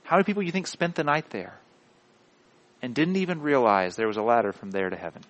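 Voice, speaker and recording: A man preaching a sermon with emphatic repeated declarations that swing between hushed and loud. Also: mid-range voice, expressive, quick pace, rough recording. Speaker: pastor.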